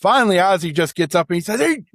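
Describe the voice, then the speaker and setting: A man from the Chicago area, co-hosting a sports podcast and telling anecdotes in a casual, animated way with lots of fillers. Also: sits high, racing, no echo, studio quality. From Chicago area, USA. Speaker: podcast co-host. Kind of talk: casual chat, storytelling.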